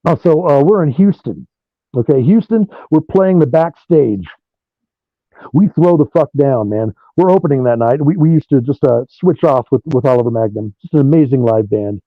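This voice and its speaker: A man, a rock guitarist being interviewed over a remote call, telling animated stories and swearing freely. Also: mid-range voice, moderate pace, no room sound. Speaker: guitarist guest. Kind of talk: profane storytelling interview. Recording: dull lo-fi dry sound.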